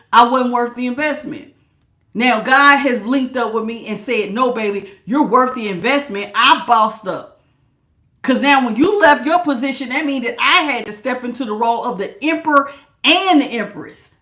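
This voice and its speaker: A woman's voice: sits high, pushed and bright. A woman giving a casual tarot reading, talking in a sassy, emphatic way with lots of slang. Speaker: tarot reader.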